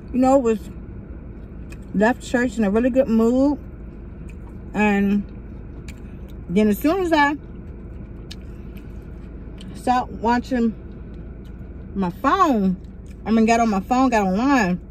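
A woman's voice: a little high, expressive, takes it slowly, long pauses, a little mellow, a little hiss or hum, low-quality recording. A young adult woman hosting a casual mukbang vlog from inside a car, chatting directly to her viewers. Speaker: vlogger host.

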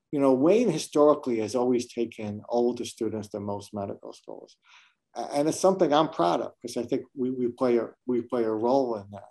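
A middle-aged man from New York City speaks as a medical school dean in a webinar interview. His voice is warm and mellow, and his manner is earnest and reflective, with frequent restarts. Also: medium pitch, gravelly.

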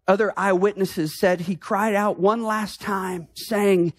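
A woman pastor preaching a sermon, impassioned, with rhetorical questions that build to shouted emphasis. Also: mid-range voice, steady tone, slow, few pauses, dry recording.

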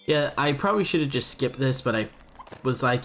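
A young man talks casually over his gameplay at a middle pitch. He rambles, thinks out loud and pokes fun at his own mistakes, with faint music underneath. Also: animated, brisk. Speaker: let's play commentator.

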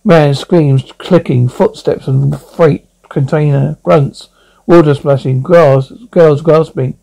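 A man reading out sound effect cues as narrator of an amateur audio drama, in a flat announcing manner. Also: fairly high pitch, slow pace, vocal fry, low-quality recording.

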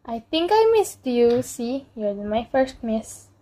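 A woman narrates her mobile gameplay in a relaxed, unhurried way, teasing and threatening the on-screen characters. Her voice sits a little high and has a mellow, soft tone. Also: low-quality recording. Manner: playful, talks to game characters, mock threats. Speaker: gameplay channel host. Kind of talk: casual mobile game commentary.

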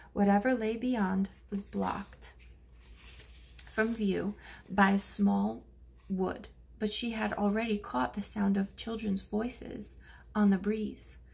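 A woman reading a children's storybook aloud as narrator, slipping into soft whispers for hushed lines. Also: mid-range voice, creaky. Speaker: audiobook narrator.

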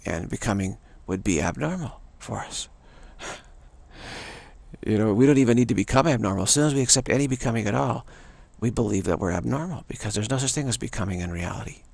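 A man giving a slow, repetitive dharma talk as a spiritual teacher, often restarting and chanting a soft "wow" refrain. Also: mid-range voice, expressive, no room sound. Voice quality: gravelly and husky.

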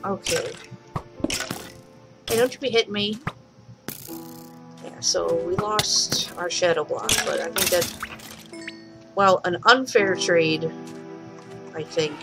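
A woman's voice: fairly low pitch, takes it slowly, long pauses, over music, poor audio. Chatty woman commenting on gameplay. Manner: chatty, talks to game animals, swears lightly. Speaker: let's play host. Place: home room.

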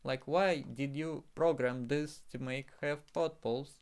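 Exasperated gamer man, slow drawl. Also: mid-range voice, steady tone, smooth. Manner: exasperated, swearing, frequent exclamations. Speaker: gaming streamer. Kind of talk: casual game commentary.

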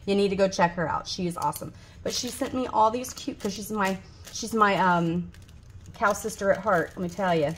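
A woman's voice: medium pitch, moderate pace, a little hiss or hum. A woman in her forties chatting casually to her vlog audience, rambling with lots of ums and restarts, and gushing over gifts. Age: 40s. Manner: gushes loudly over gifts. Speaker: budgeting vlogger.

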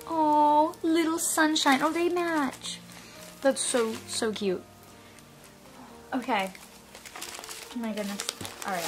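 A young woman chatting casually through an unboxing, gushing and gasping with excitement. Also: high-pitched. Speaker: vlogger unboxing a reborn doll. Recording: music playing underneath.

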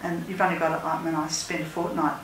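A woman's voice: deep voice, flat delivery, fast talker. Woman spiritual teacher, earnest and emphatic, recorded at a distance in an echoey room. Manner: earnest, emphatic, leads chants. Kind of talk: casual talk and call-and-response mantra chanting. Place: lodge meeting room. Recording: echoey room, speaker far from mic, noisy.

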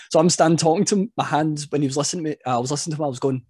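Husky man telling referee stories. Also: on the high side, very fast, hardly any pauses, no echo, studio quality. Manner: animated storyteller, laughs at himself. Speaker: wrestling referee, guest. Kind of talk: casual interview chat.

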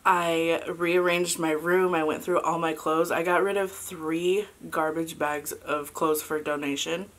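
Slow, low-voiced tearful mom vlogger. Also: female voice, steady tone. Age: 30s. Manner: halting and soft, with many fillers. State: fighting back tears. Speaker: mukbang vlogger and mother. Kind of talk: casual confessional chat.

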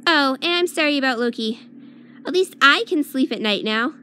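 Woman doing a mocking warrior woman, sharp-tongued, teasing, fairly high voice. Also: lively intonation, normal speed, slight background noise. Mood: taunting.

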